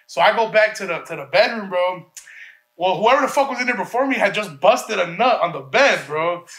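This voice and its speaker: Fast, high-voiced swearing storyteller man. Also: expressive, fairly bright tone. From Chicago. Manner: profane, rambling, restarts often, acts out quotes. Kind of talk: casual storytelling.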